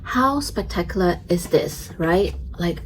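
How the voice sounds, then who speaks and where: A woman astrologer talks through a tarot reading in an unhurried, lingering way, her voice sitting a little low. She sounds gentle and chatty, scattering fillers and small giggles through her explanations. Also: animated, a little hiss or hum, low-quality recording. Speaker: astrologer and tarot reader, channel host.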